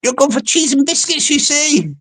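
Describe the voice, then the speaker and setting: A man voicing an innocent, trusting middle-aged woman with an English accent, who talks slowly and asks questions. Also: very high voice, lively intonation, a bit bright, pitched above the performer's own voice. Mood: questioning.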